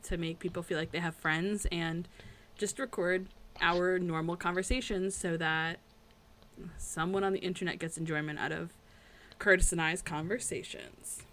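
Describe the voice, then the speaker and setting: A woman's voice: lowish voice, steady tone, moderate pace, fairly bright tone. A woman co-hosting a podcast in casual chat, rambling and chatty with lots of fillers. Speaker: podcast co-host.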